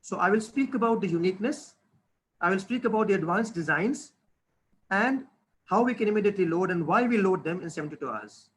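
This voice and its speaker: A man's voice: sits high, animated, brisk, slight background noise, poor audio. A man, a dentist, giving an earnest webinar lecture, often restarting and stressing key words. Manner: earnest, with frequent restarts and emphasis. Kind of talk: lecture presentation. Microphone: webinar computer microphone.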